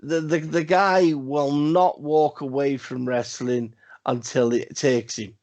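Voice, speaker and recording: A man's voice: medium pitch, fairly even intonation, takes it slowly, darkish tone. A man co-hosting a casual wrestling podcast, talking in a rambling, profane way with emphatic repeats. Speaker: podcast co-host.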